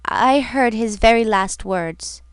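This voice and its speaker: Female reader as a weary male sailor, shaky and muffled, slightly higher pitch. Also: slow pace, smooth, no echo, clean studio sound. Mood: grave. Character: weary male seaman, grave and guilt-burdened.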